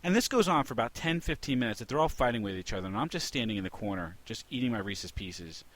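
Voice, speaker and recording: A man hosting a casual podcast, telling an animated story with lots of restarts. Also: medium pitch, fast. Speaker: podcast host.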